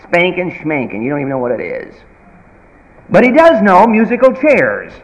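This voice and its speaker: A man preaching a sermon in an emphatic, folksy manner, swinging from loud bursts to quiet asides. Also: sits high, wildly swooping pitch, normal speed. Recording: reverberant hall.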